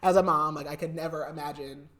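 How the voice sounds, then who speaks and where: A woman's voice: deep voice, fairly even intonation, quick pace, crowd noise. A woman podcast host casually retelling a book's plot, chatty and full of fillers. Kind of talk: casual book recap.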